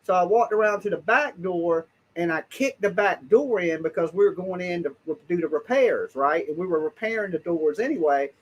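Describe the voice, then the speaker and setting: Male call-in host, high voice, blunt slangy storyteller who swears freely. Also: lively intonation, moderate pace, hardly any pauses. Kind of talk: casual live call-in chat.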